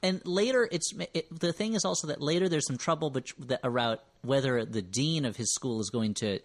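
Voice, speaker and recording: A man's voice: mid-range voice, fairly quick. A male podcast host recaps a film in easy, casual chat. His asides are dry and wry. He rambles a bit and corrects himself mid-sentence. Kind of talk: casual comedic movie recap.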